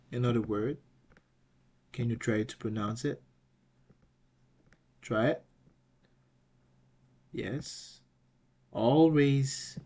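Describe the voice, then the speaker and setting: A man teaching a pronunciation lesson, patient and slow, asking the viewer questions and repeating each word several times. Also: medium pitch, a little mellow. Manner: asks the viewer questions and answers them. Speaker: Greek teacher.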